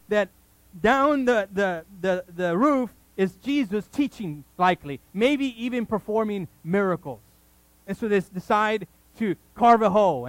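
A man preaching a sermon to his congregation, telling the story in an animated, joking way with many restarts. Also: high-pitched, no room sound, low-quality recording. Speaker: pastor. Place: church service before a congregation.

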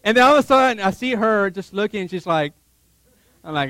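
A male preacher tells a story in a sermon, his voice sitting high for a man. He laughs often and acts out his own reactions as he goes. The sound is dry and close to the mic. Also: lively intonation, a little fast, sharp tone, no room sound. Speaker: pastor.

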